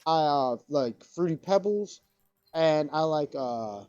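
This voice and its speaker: A man's voice: fairly high pitch, animated, slow, darkish tone, no room sound, dull audio, faint music behind. A man co-hosting a podcast in casual chat, rambling and profane. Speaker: podcast co-host.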